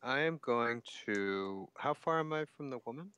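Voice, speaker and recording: A man playing a tabletop game who speaks casually and hesitantly, often pausing on fillers. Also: medium pitch, animated, sharp tone, lo-fi sound, slight background noise. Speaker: player.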